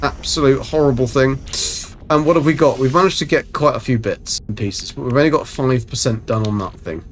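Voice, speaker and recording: A man's voice: medium pitch, fairly quick, soft background music. A man chatting casually and rambling through a live game stream. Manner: chatty, rambling, self-mocking.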